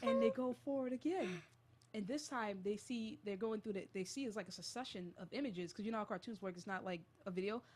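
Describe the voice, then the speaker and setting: A young woman hosting a college radio show, retelling a creepy story in a casual, animated and jittery way. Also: mid-range voice, a little fast.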